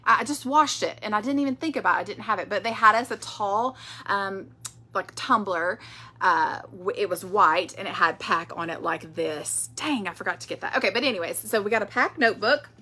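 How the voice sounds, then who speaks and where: A woman's voice: mid-range voice, fairly quick, pushed and bright, slightly rough. A woman, chatting casually in a product vlog, rambling with fillers. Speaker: direct sales director.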